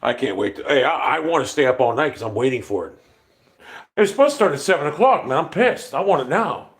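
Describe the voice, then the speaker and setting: A man's voice: a little high, lively intonation, fast. A man in his fifties hosting a casual livestream, talking in a profane, rambling and irritated way. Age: 50s. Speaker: livestream host.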